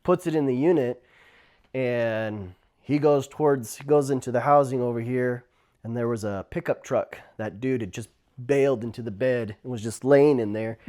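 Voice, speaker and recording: A man from the Navajo Nation tells stories from his years as a tribal police officer, with a voice of middling pitch. His telling is loose and animated. He laughs often and breaks into loud shouts when he plays back what people said. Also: normal speed. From Navajo Nation, US Southwest. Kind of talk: casual storytelling.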